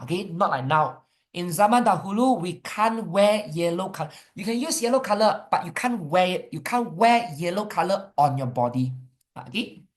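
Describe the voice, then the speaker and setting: Woman, Malaysian English accent, young adult, history teacher, animated, coaxing. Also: on the low side. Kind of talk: online exam revision class.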